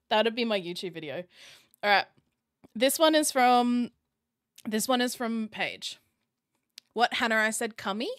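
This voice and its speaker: A woman's voice: on the high side, a little slow, long pauses, a bit bright, no room sound, clean studio sound. A woman streamer hosting her live stream in casual chat, talking straight to her viewers and laughing often. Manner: giggly, chatty, addresses chat directly. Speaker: streamer host.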